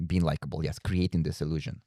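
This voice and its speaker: A man with an extremely deep voice and a gravelly edge hosts a relaxed podcast conversation. He hesitates and restarts his sentences often. The sound is dry and close. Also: fast talker, no echo. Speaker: podcast host. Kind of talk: casual chat.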